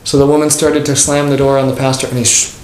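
A man's voice: mid-range voice, flat delivery, fast talker, darkish tone. A man who is a pastor teaching an informal catechism class, talking conversationally, joking and acting out the people he quotes. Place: church classroom. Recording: echoey room with faint noise.

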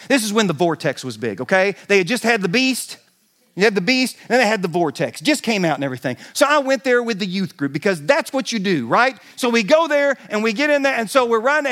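Male pastor, high-pitched, lively sermon storyteller who shouts for effect. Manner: animated storytelling, shouting in bursts.

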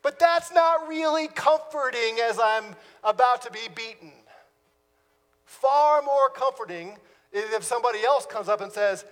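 A man, a pastor, preaching a sermon with dramatic pauses and sudden drops to a hush. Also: very high-pitched, in a large hall.

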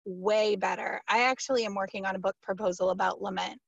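A woman pastor answers interview questions by telling a story, animated, emphatic and casual, with many fillers. Her medium-pitched voice is gravelly and brisk, with no echo, though the recording is muffled.

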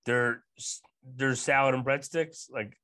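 A man's voice: medium pitch, fairly even intonation, a little slow, pushed and bright, no echo. A man co-hosting a casual podcast, talking bluntly and rambling with lots of fillers. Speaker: podcast co-host. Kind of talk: casual chat.

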